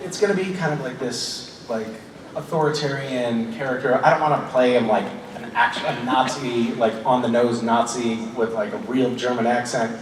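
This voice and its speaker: A man in his forties tells loose, self-mocking stories and keeps breaking into laughter. He is heard from far off in a big echoing hall, with a steady wash of noise around him. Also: mid-range voice, moderate pace. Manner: laughing, rambling, self-deprecating anecdotes. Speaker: convention panel guest. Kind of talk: casual Q&A storytelling. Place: large convention hall.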